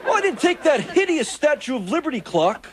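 A man voicing a wisecracking, needy male alien in a sitcom, fast with jokes and quick to plead. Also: very high voice, big pitch swings, a faint crowd. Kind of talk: 1980s sitcom acting. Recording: loud studio audience laughter, noisy.

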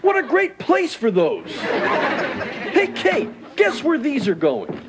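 A man voicing a wisecracking, self-pitying male alien in a 1980s sitcom, gravelly and nasal, sarcastic and melodramatic. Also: very high voice, wildly swooping pitch, slow, over a noisy crowd, heavily acted. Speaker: sitcom character. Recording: noisy TV audio with studio laughter.

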